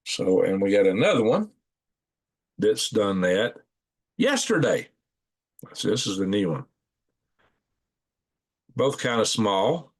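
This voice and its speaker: A man's voice: lowish voice, sing-song, slow, pauses often, husky. A man hosting a casual live stream, rambling in a folksy way and thinking aloud as he clicks through maps at home at night. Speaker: channel host.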